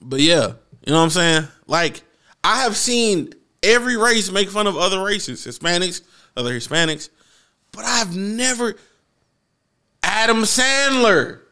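Bright, excitable high-voiced man. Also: a little slow, smooth. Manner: loud, swearing, excitable. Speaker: stream co-host. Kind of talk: casual reaction chat.

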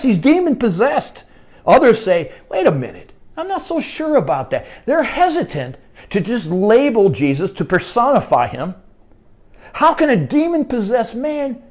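An American man teaching a Bible study as pastor, conversational, often checking in with "all right?" and climbing high when he stresses a point. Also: darkish tone.

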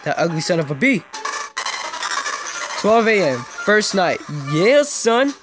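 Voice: medium pitch, lively intonation, measured pace, music in the background. A young gamer giving casual, joking commentary while playing and talking to viewers. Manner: joking, chatty, talks to viewers. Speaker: gameplay video host.

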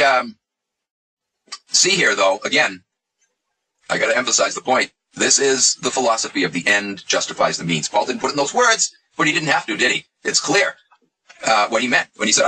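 A man's voice: mid-range voice, bright, forceful tone, breathy edge, poor audio. A man hosting a casual monologue video, talking in a sarcastic, mocking way. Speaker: video host.

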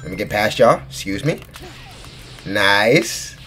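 A man in his twenties giving excitable let's play commentary, shrieking in delight and saying bro constantly. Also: fairly low pitch, slow, soft background music. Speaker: gaming YouTuber.

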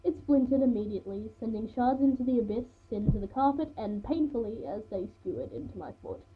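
A woman's voice: on the high side, a little fast, a little hiss or hum. A woman reading her own first-person story aloud in a plain, unpolished way, sometimes restarting a phrase. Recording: tinny phone-like sound.

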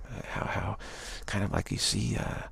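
Man, spiritual talk, rambling, gentle, low pitch, husky. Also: flat delivery, normal speed. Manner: rambling, gentle, repetitive phrasing with frequent "you know". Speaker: spiritual speaker.

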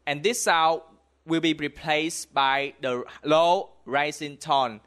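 Man, Southern Vietnamese accent, language teacher, fairly high voice, bright tone. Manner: models words slowly, then prompts repetition. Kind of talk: slow spoken language lesson.

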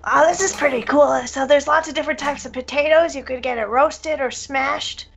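A woman's voice: high voice, normal speed, gravelly, slight background noise. A woman playing a tabletop game, chatting cheerfully and giggling often. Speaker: player. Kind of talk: casual tabletop game chat.

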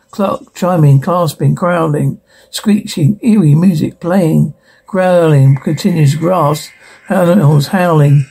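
A man reading a horror comedy episode aloud, speaking the dialogue and flatly reading out the sound cues in between. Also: fairly high pitch, vocal fry, slightly rough, poor audio.

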